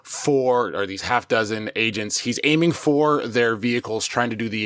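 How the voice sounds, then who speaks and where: A man narrates his tabletop character's daring moves in playful, movie-style detail. His voice is bright and forward, and the recording is dry and close with no room sound. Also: fairly low pitch, animated, moderate pace, few pauses, no echo. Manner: cinematic, playful action narration. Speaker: player.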